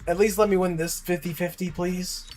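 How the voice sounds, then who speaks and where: A man streaming a game live, chatting casually, grumbling and swearing, then cheering loudly at wins. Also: high voice, normal speed, soft background music. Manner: swings between grumbling and excited cheering, swears often. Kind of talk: live-streamed gaming chat.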